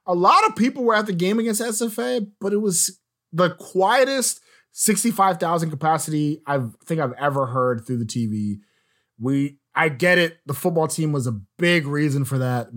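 A young adult man hosting a casual sports podcast, chatty and opinionated, often letting his sentences trail off low. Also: a bit bright. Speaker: podcast host.

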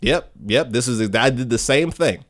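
A young man hosting a casual chat, recapping a story in an animated way and acting out characters' lines with laughter and swearing. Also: medium pitch, moderate pace. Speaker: podcast host reviewing comics.

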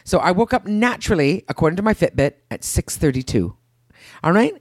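A woman in her thirties tells stories in casual chat, her voice leaping high and low as she acts out what others said. The sound is close and dry, with no room around it. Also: fast talker, no room sound. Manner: animated storyteller, acts out quotes with big pitch jumps.

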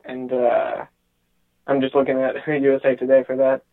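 A man's voice: medium pitch, monotone, normal speed. Hesitant male caller on a tinny phone line. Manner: hesitant, many fillers, laughs often. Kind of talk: casual call-in chat.

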